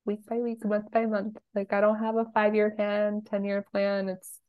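A middle-aged woman speaking as a guest on a podcast, chatting in a relaxed, casual way and laughing easily. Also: medium pitch, moderate pace, clear, resonant tone, phone-quality sound. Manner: relaxed, chatty, laughs often, uses "like" a lot. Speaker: podcast guest, spiritual coach. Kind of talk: casual interview chat.

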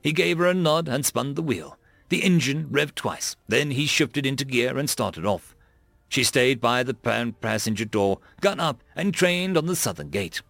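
A man reading military fiction as an audiobook narrator, in a lively, dramatic style. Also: medium pitch, moderate pace, vocal fry, no echo.

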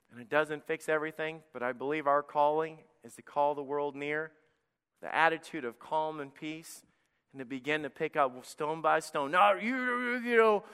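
Male pastor, sermon delivery, bright and crisp tone, higher-pitched, long church reverb. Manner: preaching with surges of loud emphasis. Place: church sanctuary.

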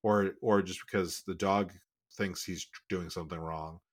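A man with a notably deep, low voice chats casually on a podcast. He tells stories loosely, doubling back and restarting his sentences, with plenty of ums and likes along the way. He sounds middle-aged and relaxed in conversation. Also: normal speed. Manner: rambling storytelling with many fillers and restarts. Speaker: podcast co-host.

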